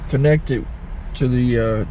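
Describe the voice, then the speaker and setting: A man's voice: mid-range voice, a little slow, dark tone, highs cut off, slight background noise. A man hosting his channel, chatting casually and explaining step by step from inside his truck cab. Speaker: channel host. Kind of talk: casual vlog.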